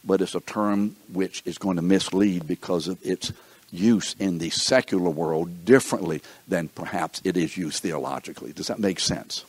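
A man's voice: low voice, steady tone, moderate pace, slightly rough, dry recording. A man teaching a Bible study class, thinking aloud and often checking that the class is following. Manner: thinks aloud, with restarts and asides.

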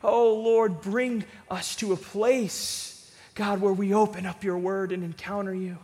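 A man's voice: high-pitched, steady tone, a little slow, darkish tone. A man preaching a sermon as pastor in a church, earnest and pleading, with repeated emphasis. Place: church sanctuary with a congregation. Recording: long reverb of a church hall.

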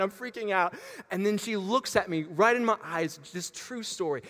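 A man's voice: sits high, normal speed. A man preaching a sermon in a church gym, telling a story with lots of fillers and restarts. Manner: animated, with frequent fillers and restarts. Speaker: pastor. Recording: long hall reverb.

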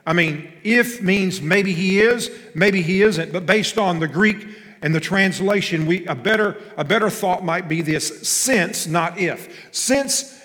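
A pastor delivers an emphatic sermon with a fairly high-pitched male voice. He swings between near-shouting and quiet, hushed lines and draws the congregation in with questions. A long reverb from the sanctuary trails behind him. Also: a little slow. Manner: asks the congregation questions and has them repeat phrases. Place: church sanctuary.

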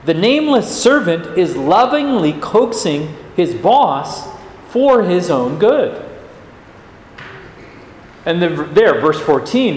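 An earnest male pastor preaches in a high, animated voice and presses his listeners with rhetorical questions. His words echo around a large church hall with a long reverb tail. Faint ambience stays in the background. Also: a little hiss or hum. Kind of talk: sermon.

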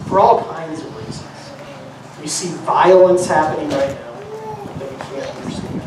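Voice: mid-range voice, huge pitch swings, unhurried. Earnest preacher in a very echoey sanctuary. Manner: earnest, preacher-like, repeating phrases for emphasis. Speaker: pastor. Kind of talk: sermon. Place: church sanctuary. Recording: very echoey hall, mic far off, noisy.

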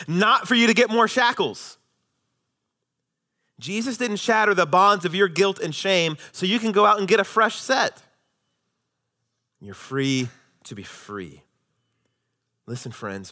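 A male pastor in his thirties delivers a sermon with a bright, forceful tone. His voice sits a little high for a man. He swings from ringing declarations down to hushed, intense lines. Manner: emphatic preaching, swinging from loud declarations to quiet intensity.

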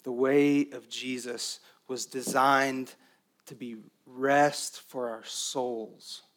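A man preaching a sermon as pastor, swinging between emphatic raised passages and quiet, intimate stretches. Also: medium pitch, steady tone, very slow.

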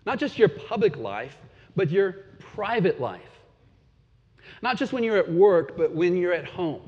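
A man's voice: sits high, very animated, a little slow, a little mellow. Preaching man in a reverberant hall. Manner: conversational preaching with chuckles and repeated words. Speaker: pastor. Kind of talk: sermon. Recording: dull lo-fi sound with long hall reverb.

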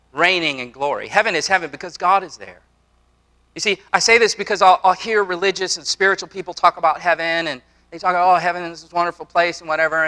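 Guy in his 40s preaching in church, highish bright voice, repeats himself a lot, chatty asides. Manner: earnest preaching with repetitions and asides. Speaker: pastor. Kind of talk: sermon. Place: church before a congregation.

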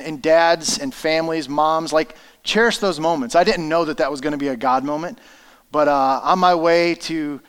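Earnest higher-voiced male pastor. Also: fairly bright tone, smooth. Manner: personal storytelling, earnest and conversational. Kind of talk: sermon.

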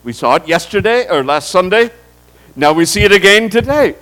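A man's voice: high voice, expressive, moderate pace, fairly bright tone, rough recording. A man preaching a sermon to his congregation, speaking to them directly with rising and falling emphasis. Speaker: pastor. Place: church.

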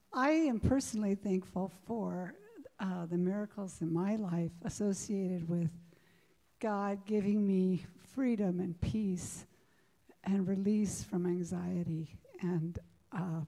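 A woman's voice: medium pitch, mellow. A middle-aged woman giving a heartfelt testimony of thanks in church, quoting scripture. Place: church sanctuary. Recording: long church hall reverb.

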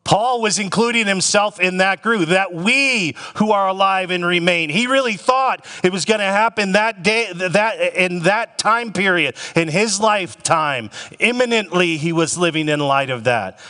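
A man's voice: fairly high pitch, pushed and bright. Emphatic male pastor in a reverberant hall. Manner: emphatic, slows down to stress scripture phrases. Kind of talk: sermon.

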